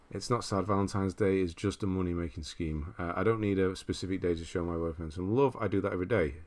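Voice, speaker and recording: A man from Britain hosts a relaxed livestream, working through viewer comments one by one. His voice sits low and deep. He chats loosely and laughs often as he goes. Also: fairly quick. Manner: chatty, laughs often, reads chat aloud. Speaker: livestream host. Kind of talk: casual livestream chat reading viewer comments.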